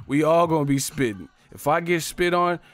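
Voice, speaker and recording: A man on a profane, animated comedic rant, laughing often as he talks. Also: fairly high pitch.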